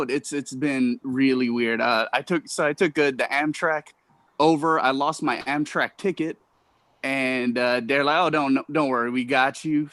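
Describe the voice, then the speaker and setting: A man's voice: medium pitch, a bit bright, no echo. A man, a stand-up comedian, chatting in a rambling, self-mocking way over a video call from his apartment. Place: apartment room at home.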